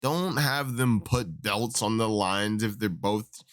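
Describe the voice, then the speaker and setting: A man's voice: fairly low pitch, takes it slowly, fairly bright tone. A young man ranting about mixed martial arts in a casual, profane, exasperated way. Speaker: MMA commentator. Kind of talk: casual opinion rant.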